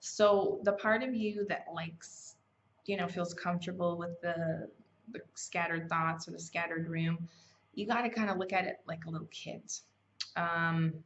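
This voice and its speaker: A woman's voice: lowish voice, steady tone, a little slow, a little hiss or hum. Chatty woman teaching self-help, lo-fi. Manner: conversational, chatty, with fillers and self-corrections. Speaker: self-help challenge host. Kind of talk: casual motivational teaching. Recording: slightly dull, lo-fi sound.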